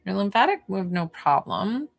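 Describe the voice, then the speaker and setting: A woman running a live-streamed energy healing session, talking calmly through breathing and encouragement with chatty asides. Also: mid-range voice, moderate pace, gravelly. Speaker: spiritual healer on a livestream.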